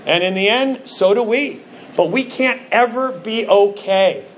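A middle-aged man preaching from the pulpit in a high voice. He tells stories with animation and acts out the quoted lines. A faint hum of background noise runs under the recording. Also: a little slow. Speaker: pastor. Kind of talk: sermon.

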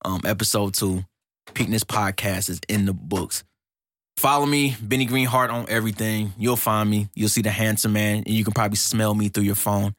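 A man hosting a podcast in an excited casual monologue, slangy and animated, laughing often and jumping up in pitch when hyped, on a close mic in a small studio. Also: normal speed, no room sound. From United States. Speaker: podcast host.

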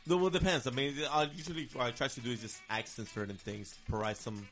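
A man's voice: mid-range voice, expressive, fast talker, a bit bright. A man in a casual chat explaining his guitar role, earnest and a little hesitant. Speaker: band lead guitarist.

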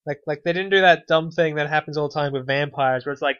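A man's voice: a little high, quick pace, few pauses, fairly bright tone, clear, resonant tone, no room sound. A man co-hosting a podcast, chatting casually with a wry, sarcastic edge, often trailing off and restarting. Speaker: podcast co-host. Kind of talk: casual chat. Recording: dull, dry lo-fi podcast audio.

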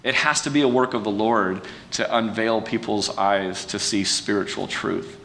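A man preaching in a relaxed, conversational way, folksy and self-deprecating, with restarts and fillers. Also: normal speed, creaky. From California. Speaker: pastor. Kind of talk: conversational sermon talk. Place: church sanctuary. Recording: distant mic with long hall reverb and faint rumble.

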